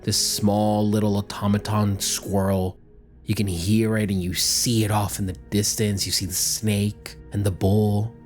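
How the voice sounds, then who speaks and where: A man's voice: lowish voice, level tone, a little slow, soft background music. A man narrating a tabletop game as game master, painting scenes in vivid detail.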